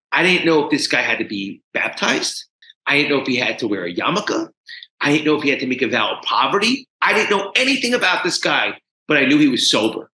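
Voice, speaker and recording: A man from New Jersey, a podcast guest, telling his story in an animated, emphatic way. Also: medium pitch. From New Jersey, USA. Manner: animated, emphatic, swinging between hushed and loud. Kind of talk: casual storytelling. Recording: roomy echo.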